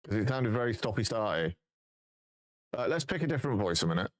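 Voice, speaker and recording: A man's voice: lowish voice, sing-song, quick pace. A man live-streaming, chatting casually and thinking aloud while he fixes his voice settings.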